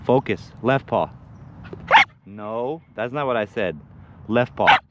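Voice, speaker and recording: A dog owner and co-host chats casually on an outdoor livestream in a park while training his dog, rambling and restarting, then issuing short, firm commands. His voice is lowish with lively intonation and an unhurried pace. The audio is dull and very noisy.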